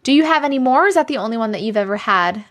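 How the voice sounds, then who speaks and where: A woman's voice: on the high side, animated, racing, fairly bright tone. A young woman hosting a live stream, chatting casually, laughing often and reacting to viewer comments. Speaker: live-stream host reading viewer stories.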